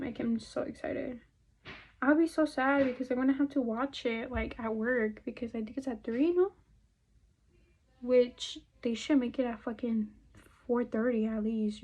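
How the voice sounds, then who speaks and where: A young woman with a slightly high voice talks through her makeup routine in loose, profane chat. She rambles from one topic to the next and now and then drops to a murmur or half-whisper. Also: darkish tone, lo-fi sound. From California. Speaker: beauty vlogger. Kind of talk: casual chat while doing makeup.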